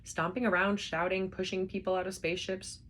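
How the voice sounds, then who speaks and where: A woman voicing a quick-talking, wheedling male alien traveller with a brisk, persuasive manner in a storybook reading. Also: medium pitch, little pitch movement, a bit bright, slight background noise, close to an everyday voice.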